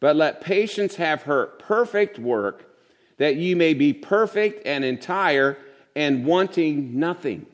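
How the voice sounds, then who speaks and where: A man's voice: fairly high pitch, expressive, slow. An older man preaching a sermon to a congregation in a conversational style, sometimes mimicking voices for effect.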